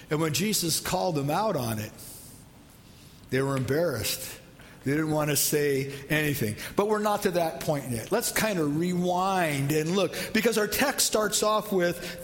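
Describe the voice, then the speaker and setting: Pastor, male, high voice, chatty sermon style, long hall reverb. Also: fairly bright tone, slight background noise. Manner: conversational, asks the congregation questions.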